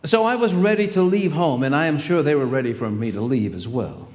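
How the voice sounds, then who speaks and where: A man's voice: on the high side, animated, a little fast, a little mellow. A man in his sixties giving a storytelling speech to students in a large school hall, acting out the voices of people in his stories. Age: 60s. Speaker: guest speaker. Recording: long hall reverb.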